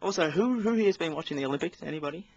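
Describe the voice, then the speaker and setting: An Australian co-host on a casual sports podcast rants in an exasperated, rambling way and talks over the others. His fairly high voice is animated, rapid-fire, and creaky. The audio is dull, with crowd noise and faint background noise.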